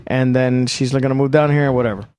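A man's voice: medium pitch, flat delivery, quick pace, a little mellow. A man in his forties telling a long rambling story in casual chat, swearing freely and mocking himself. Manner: profane, rambling, self-mocking.

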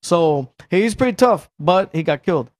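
A middle-aged man in casual chat, telling a profane, animated story and acting out what people said. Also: sits high, normal speed, no echo.

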